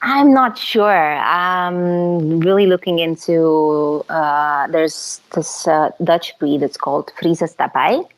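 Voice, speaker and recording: A young woman from Romania, a photographer talking as a guest in a relaxed, chatty way, with fillers and easy laughs. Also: deep voice, takes it slowly, hardly any pauses, poor audio. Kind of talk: casual interview chat.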